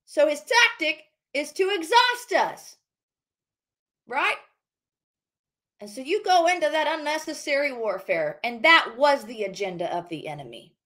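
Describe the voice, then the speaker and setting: A woman's voice: high voice, very animated, unhurried, a bit bright. A woman ministering prophetically in a livestreamed sermon, fervent and repetitive as she decrees over listeners. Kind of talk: livestream preaching.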